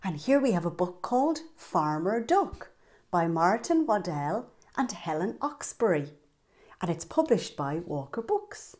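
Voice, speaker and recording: Woman, children's storyteller, lively sing-song voice, slow careful reading, points out pictures. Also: fairly low pitch.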